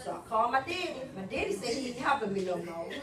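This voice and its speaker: A woman with a high voice gives a church testimony, telling her story with lively energy and acting out each side of the conversations. She is heard from a distance, and her voice rings around a reverberant hall. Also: fast, a crowd in the background. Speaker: church member giving a testimony. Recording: echoey hall, picked up from far off.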